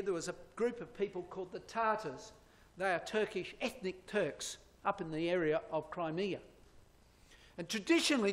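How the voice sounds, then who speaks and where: A man with a fairly high voice delivers an emphatic sermon-style lecture, pointing out slides and throwing rhetorical questions at his listeners. His voice rings with a long reverb that fills the hall. It sounds like a church hall. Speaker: Bible prophecy lecturer.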